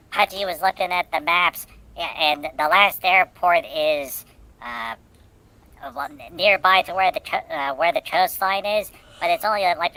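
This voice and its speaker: A woman's voice: lowish voice, sharp tone, rough recording. A woman co-hosting a casual chat show, telling rambling jokes with many fillers. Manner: rambling joking storyteller. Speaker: co-host.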